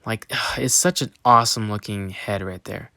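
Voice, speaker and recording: A man's voice: fairly low pitch, normal speed, creaky, sharp tone, no room sound, clean studio sound. A young man hosting his own channel, reviewing a toy in a casual, enthusiastic way with lots of ums and restarts.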